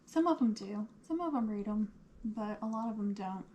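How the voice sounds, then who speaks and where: A woman hosting a casual craft livestream, her voice a little hoarse, chatting and answering viewer comments as she works. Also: medium pitch, lively intonation, moderate pace, mellow, lo-fi sound, slight background noise. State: losing her voice.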